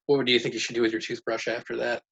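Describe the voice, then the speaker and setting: A man's voice: mid-range voice, little pitch movement, very fast, vocal fry, fairly bright tone. A man leading a casual life-skills lesson at home with his children, asking questions and praising their answers. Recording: dull lo-fi sound with faint noise.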